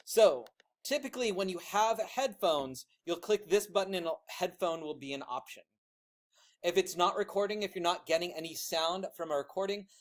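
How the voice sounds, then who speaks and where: A man with a high-pitched voice walks a classroom of students through a software tool. He projects in a loud teacher voice but keeps it loose and chatty, full of fillers and quick asides.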